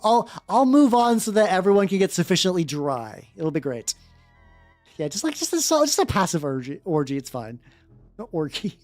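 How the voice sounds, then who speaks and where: A woman's voice: lowish voice, a little mellow, no room sound. A woman streamer reading a story aloud in a rambling, giggly way, often cutting herself off. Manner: rambling, self-interrupting, giggly. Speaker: VTuber streamer. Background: faint background music.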